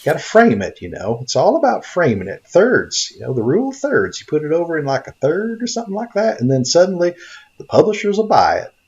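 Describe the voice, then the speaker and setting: A man's voice: on the high side, brisk, lo-fi sound. A man playing a naive, bumbling greenhorn hunter and photographer from Tennessee, rambling in a folksy way in comedic game commentary. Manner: rambling, folksy, easily excited. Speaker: gaming video narrator.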